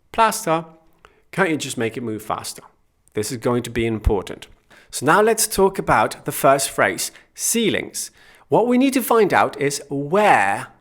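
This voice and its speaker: A man teaching a guitar and singing lesson, patiently explaining step by step and counting beats aloud, with his own guitar playing behind him. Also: medium pitch. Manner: counts beats aloud and sings short phrases softly. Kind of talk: music lesson.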